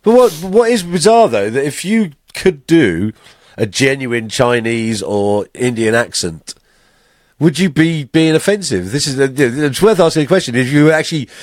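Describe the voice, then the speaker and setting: Jokey man, lively voice. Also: mid-range voice, moderate pace, dry recording, clean studio sound. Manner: jokey, laughs often, puts on silly animal voices. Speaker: podcast co-host. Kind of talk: casual chat over drinks.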